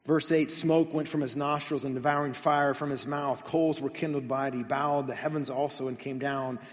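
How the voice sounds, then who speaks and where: A male pastor preaching a sermon, reading scripture slowly and adding casual, lightly humorous asides. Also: mid-range voice, steady tone, big-room sound. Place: church sanctuary.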